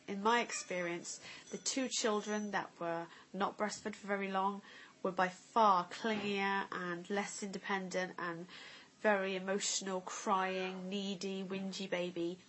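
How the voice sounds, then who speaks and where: A woman's voice: mid-range voice, flat delivery, unhurried, a bit bright, a little hiss or hum. A woman, a mother vlogging at home, chatting candidly to camera with lots of "like" and "you know". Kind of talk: casual chat to camera. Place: family home.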